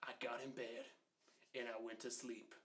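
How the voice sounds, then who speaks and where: Here a twentysomething man with a medium-pitched voice recounts a comic childhood tale, lively and chatty, with fast asides aimed at whoever's listening.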